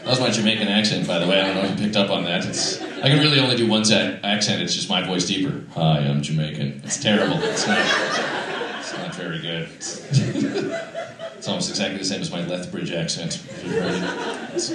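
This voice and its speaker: A man's voice: sits low, quick pace, a loud crowd. A Canadian man doing a stand-up comedy set, rambling and self-mocking, with plenty of fillers. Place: comedy club stage. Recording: echoey club from a distance. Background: laughing audience.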